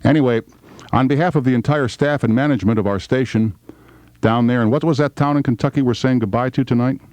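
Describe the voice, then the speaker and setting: In his fifties, this talk radio host makes casual, wry off-air remarks at a studio microphone with no room sound. His voice is medium-pitched, fast and a little mellow, with gruff conversational asides.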